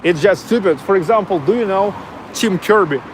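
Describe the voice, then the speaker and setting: A man with a heavy Russian accent, native Russian speaker, hosting a vlog in blunt, halting English outdoors in a city. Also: high-pitched, slight background noise. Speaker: vlogger host. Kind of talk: casual chat.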